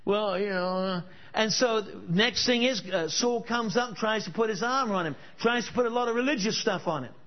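A man's voice: high-pitched, normal speed. A male preacher giving a sermon at a church service, telling stories and pressing the crowd with emphatic questions. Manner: storytelling, emphatic rhetorical questions. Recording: dull lo-fi recording.

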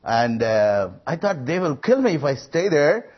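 A man's voice: fairly high pitch, very animated, unhurried. A man preaching a sermon, emphatic and rising on quoted lines, with frequent hesitations. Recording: muffled lo-fi recording.

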